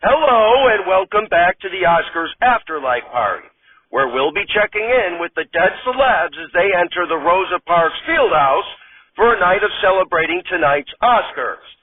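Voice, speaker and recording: A man's voice: high-pitched, very animated, normal speed, pitched above the performer's own voice. A man doing a chipper red-carpet host, tinny. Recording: tinny distant phone-like sound.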